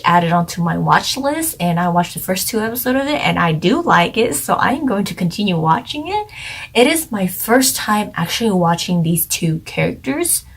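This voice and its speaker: Woman, vlogger, casual rambling chat, lots of fillers, somewhat low pitch. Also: rough recording. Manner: rambling, filler-heavy, giggly. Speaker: drama review vlogger.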